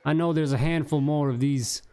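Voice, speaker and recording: A man voicing a gruff, weary old male prospector who scolds in a dry drawl. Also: on the high side, steady tone, normal speed, dark tone, close to an everyday voice. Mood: scolding.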